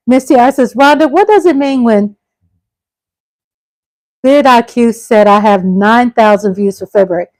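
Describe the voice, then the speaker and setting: A middle-aged woman with a somewhat high, slightly mellow voice hosts a casual live stream, reading viewer comments aloud and answering them. She calls her audience y'all and bursts into exclamations, and the dry, echo-free recording is low in quality.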